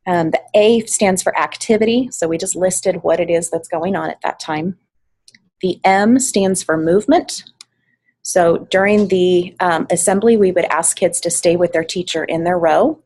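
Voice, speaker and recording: Husky-voiced woman coordinator giving instructions. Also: lowish voice, normal speed, a little mellow, poor audio. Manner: practical, instructive, with fillers. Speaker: volunteer coordinator. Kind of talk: training talk to volunteers. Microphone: online meeting mic, at varying distance.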